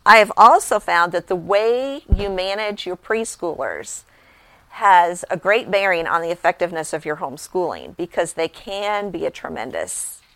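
A woman's voice: lowish voice, a bit bright, no room sound. A middle-aged woman, a homeschooling mother, giving a conversational instructional talk full of practical tips and anecdotes from raising her children.

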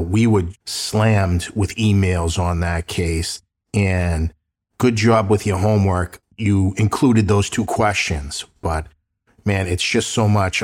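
A middle-aged man talks casually to his listeners on a true crime podcast. His voice sits very low and sounds a little off from seasonal allergies. He keeps it chatty and direct, calling everyone guys. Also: a little mellow. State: voice slightly off from allergies. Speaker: podcast host and private investigator.

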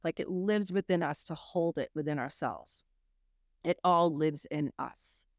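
Middle-aged woman, lowish voice, dry close sound; candid, animated guest storyteller. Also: unhurried, no echo. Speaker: podcast guest. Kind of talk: casual storytelling.

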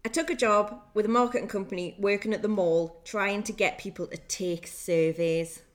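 A young woman co-hosting a relaxed chat show. She swears freely and breaks into laughter often. She talks in an animated, easygoing way while reading stories aloud. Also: mid-range voice, normal speed. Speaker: podcast co-host.

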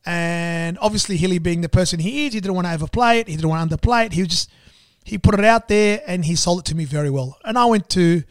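An Australian man, a business owner, telling a story in an animated, repetitive way and acting out the dialogue. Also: high-pitched, fast, dry recording, clean studio sound. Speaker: business owner and club sponsor. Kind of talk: storytelling in conversation.

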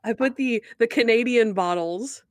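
A woman in casual chat, recapping a TV episode with lively retellings of scenes. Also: a little high, moderate pace, no echo, clean studio sound. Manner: animated retelling with quoted voices.

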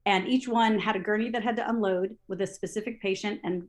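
A woman recounting television production stories in an interview, lively, acting out her own past thoughts aloud with many fillers and restarts. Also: mid-range voice, fairly quick. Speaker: interview guest, TV assistant director. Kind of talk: storytelling in an interview.

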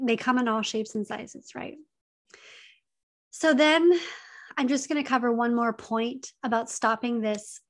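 A woman giving earnest, conversational advice straight to her audience, repeating her key points and using casual fillers. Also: fairly high pitch. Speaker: advice speaker on emotional abuse. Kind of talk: direct-to-camera advice talk.

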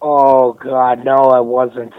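A man's voice: mid-range voice, level tone, slow, smooth, dry recording, phone-quality sound. A man co-hosting a podcast from his bed, telling a crude story full of swearing. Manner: profane, mock-outraged. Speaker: podcast co-host. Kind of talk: casual crude chat. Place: in bed, remote from studio.

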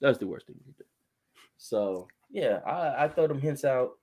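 A young man telling a story in casual chat, animated and laughing often as he acts out his own phone calls. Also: medium pitch, moderate pace, background noise.

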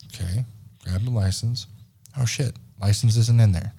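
A man in his thirties, a podcast host telling a story in casual chat, animated and profane, acting out the dialogue. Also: lowish voice, normal speed, creaky, breathy edge.

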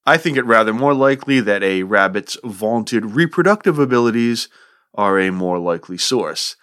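A man's voice: fairly low pitch, animated, normal speed, a bit bright, clean tone. A man hosting a literature podcast, lecturing with wry joking asides and reading a poem aloud. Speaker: podcast host.

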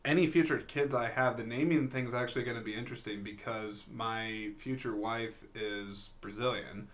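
A young man hosts a relaxed podcast conversation with a mid-range voice. He rambles through his thoughts, restarting sentences and filling gaps with "like" and "I mean.". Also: medium pitch, normal speed. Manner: rambling, lots of likes and restarts. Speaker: podcast host. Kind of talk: casual chat.

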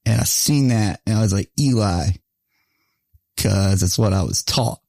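A man's voice: on the low side, normal speed, vocal fry, a little mellow, dry recording, clean studio sound. A man hosting a podcast in loose, profane casual chat, laughing often between his words. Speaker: podcast host.

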